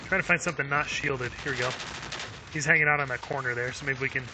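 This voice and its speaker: A man's voice: mid-range voice, steady tone, fast, noisy background. A man streaming a video game live, chatting upbeat with viewers, laughing often and using lots of fillers. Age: adult with young kids. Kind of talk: live gameplay commentary.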